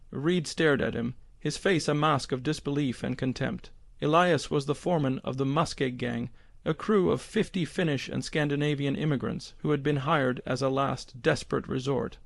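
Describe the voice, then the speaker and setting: A man's voice: mid-range voice, vocal fry, dry recording. Grave male audiobook narrator. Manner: measured, grave storytelling. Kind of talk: scripted narration.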